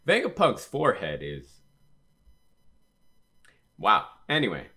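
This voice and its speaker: Low-voiced man rambling through a comic recap. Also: wildly swooping pitch, slow pace, bright, forceful tone. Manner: rambling, retells scenes with "he was all like"; frequent fillers and self-corrections. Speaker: manga reaction channel host. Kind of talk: casual reaction and read-aloud commentary.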